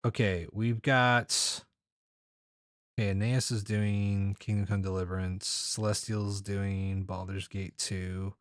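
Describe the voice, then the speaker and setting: A man's voice: fairly low pitch, flat delivery, slow pace, fairly bright tone, dry recording, studio quality. A man streaming games, chatting casually with his viewers, rambling and laughing often. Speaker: game streamer. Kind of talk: casual chat with live chat.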